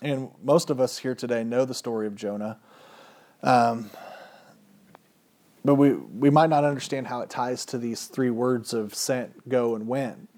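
A man preaching a sermon, retelling scripture in a casual, slangy way with lively swings in pitch and loudness. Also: a little slow.

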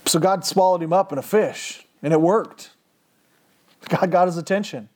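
A man preaching a sermon, retelling scripture in a casual, slangy way with lively swings in pitch and loudness. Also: moderate pace.

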